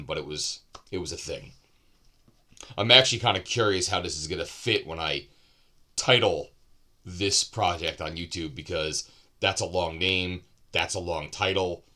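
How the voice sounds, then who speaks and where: A man's voice: sits low, pushed and bright. A man giving a casual, unscripted book review, loose and rambling with asides and self-corrections.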